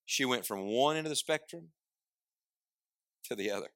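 Male preacher, tense bright tone, dramatic loud-soft swings, call-and-response sermon. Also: mid-range voice, lively intonation, moderate pace. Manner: emphatic, swings from loud declarations to hushed asides; asks the congregation questions and prompts replies.

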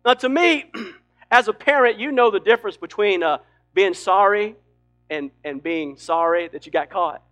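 A man preaching a sermon with emphatic delivery that swings between loud and hushed. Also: sits high, normal speed. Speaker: pastor.

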